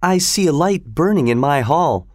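A man doing a gracious noble lady, raised pitch. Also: expressive, moderate pace, no echo, studio quality, lightly acted. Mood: poised.

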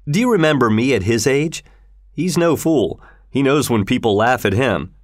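A man's voice: medium pitch, lively intonation, normal speed, no echo, clean studio sound, lightly acted. A man voicing a cruel, scheming middle-aged landowner in a read-aloud story, with a cold, mocking manner.

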